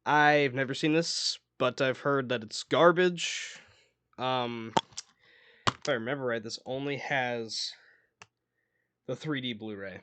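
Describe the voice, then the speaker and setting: A man's voice: mid-range voice, slow, pauses often, fairly bright tone, slight background noise. A young man chatting casually about his movie collection, rambling and correcting himself, often laughing. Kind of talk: casual chat.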